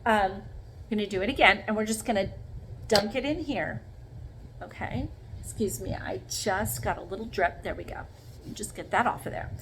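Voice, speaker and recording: A woman's voice: medium pitch, normal speed, noisy background. A woman demonstrating sponge painting in a casual craft vlog, talking viewers through each step and checking in with them often. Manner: chatty, talks viewers through each step with frequent "okay?". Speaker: craft vlogger.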